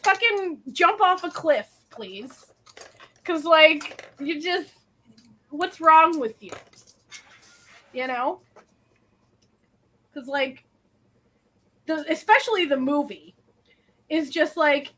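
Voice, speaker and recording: A woman co-hosting a casual stream from home, telling stories animatedly with quick asides and frequent laughter. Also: sits high, animated, sharp tone. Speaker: co-host of a colouring stream. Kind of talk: casual chat. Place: at home, dryer running nearby.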